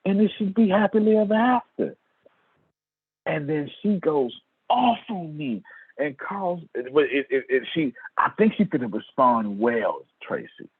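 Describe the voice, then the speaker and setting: A man with a husky, slightly rough voice tells a story to a crowd, his pitch swinging widely as he gets worked up. He keeps calling listeners by name. The sound is thin and tinny, like a phone line, with no room echo. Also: unhurried. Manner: lively, calls on listeners by name, acts out quoted lines. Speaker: motivational speaker. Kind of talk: animated storytelling to an audience.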